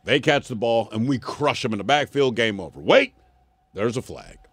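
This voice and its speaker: A man's voice: a little fast, breathy edge, no room sound. A man co-hosting a podcast, telling a story casually and acting out the people in it with sudden jumps in voice. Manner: animated, acts out quoted people with big pitch jumps. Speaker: podcast co-host.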